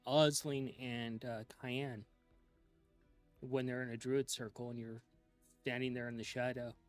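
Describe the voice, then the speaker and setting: A man slowly narrating a dark scene as game master of a tabletop role-playing game, in a hushed, drawn-out storytelling manner. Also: mid-range voice, flat delivery, faint music behind.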